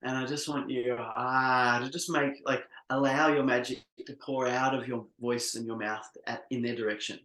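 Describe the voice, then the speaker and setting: A man facilitating an online workshop, leading a slow, soothing guided exercise with many pauses over a video call. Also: mid-range voice, level tone, a bit bright, echoey room, rough recording.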